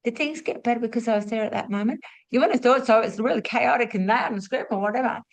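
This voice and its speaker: A middle-aged woman, a spiritual teacher and former nurse, telling stories as a lesson and asking rhetorical questions, moving between lively and hushed delivery. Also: fairly high pitch, quick pace, gravelly. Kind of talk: storytelling teaching talk.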